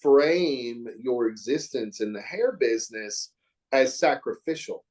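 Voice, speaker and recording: A man's voice: mid-range voice, animated, a little slow, a little mellow. A middle-aged man from Oklahoma, a hair educator talking as a podcast guest in an earnest, reflective, emphatic way. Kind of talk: podcast interview chat.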